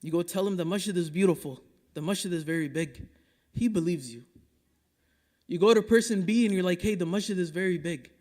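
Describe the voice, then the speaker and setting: A man from Dallas giving a Friday sermon as imam, impassioned and rhetorical, rising to loud urging and dropping to hushed asides, reciting Quranic Arabic quickly between English explanations. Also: sits high. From Dallas, Texas. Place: mosque prayer hall. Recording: long reverb of a mosque hall.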